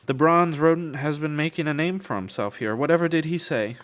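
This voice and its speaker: A man's voice: a little high, fairly quick, a bit bright, pitched above the performer's own voice, lightly acted. A man voicing a haughty, scheming noblewoman with a sly, taunting manner. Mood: mocking.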